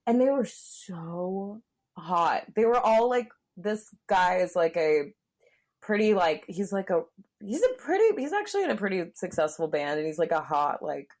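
A woman's voice: on the low side, sing-song, moderate pace, a little mellow. A woman from Southern California, a comedian guesting on a podcast, telling a story in a candid, blunt way and filling her talk with "like.". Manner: frank and blunt, chatty, full of "like" fillers.

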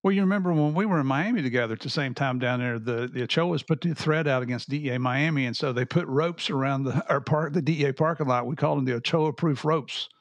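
A man's voice: medium pitch, fast talker, few pauses, no echo. Easygoing man with a dry close sound. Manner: easygoing, chuckling storyteller. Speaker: podcast co-host, former drug agent. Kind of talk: casual interview chat.

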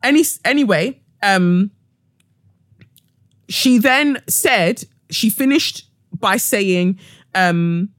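A woman's voice: medium pitch, animated, drawn-out words, long pauses, dry recording, studio quality. A woman hosting a solo podcast, ranting heatedly with profanity and sarcasm. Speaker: podcast host.

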